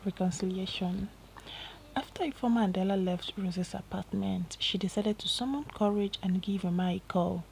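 A woman's voice: medium pitch, fairly even intonation, moderate pace, creaky, a little mellow, a little hiss or hum, poor audio. Nigerian woman narrating a story.

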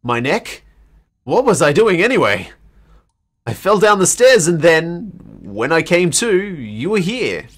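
A man's voice: a little high, very animated, a little slow. A man voicing a distraught teenage schoolgirl. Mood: confused. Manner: emotional, tearful line reading. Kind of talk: dramatic reading of a game.

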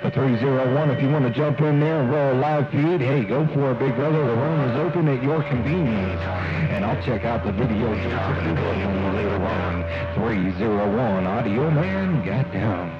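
A man's voice: medium pitch, moderate pace, loud music behind the voice. A man on CB radio using a 1950s microphone, joking with playful rhymes and catchphrases. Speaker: CB radio operator. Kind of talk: CB radio chatter. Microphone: 1950s dynamic microphone. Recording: muffled radio signal with loud static.

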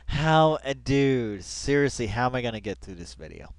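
Casual, excitable male reaction host, dry close sound, midrange voice, talking into a headset at home, constant "dude"s and bursts of laughter. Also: mid-range voice, moderate pace, dry recording.

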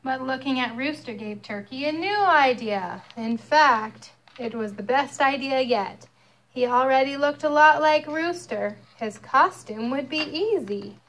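A young mother reading a picture book aloud to her child, expressive and storytelling. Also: high-pitched, measured pace.

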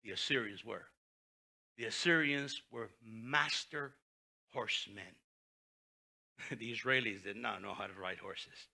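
A male pastor preaching a sermon, reading scripture aloud with animated, dramatic delivery. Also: on the low side, a little slow, gravelly, long pauses.

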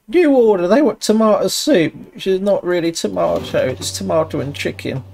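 A man narrates his own gameplay, cursing often and talking himself through each step. His pitch swings widely, and he jumps into high yelps when something goes wrong. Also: sing-song, moderate pace, creaky. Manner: swears a lot, talks himself through the tasks. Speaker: gaming channel host. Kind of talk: casual gameplay commentary.

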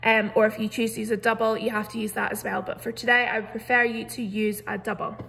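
A young woman teaches a recorded grammar lesson, her fairly high voice edged with a gravelly fry. She explains each rule patiently, step by step, and stresses the example words as she reads them aloud. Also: level tone, fast, a bit bright, slight background noise. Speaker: primary school teacher.

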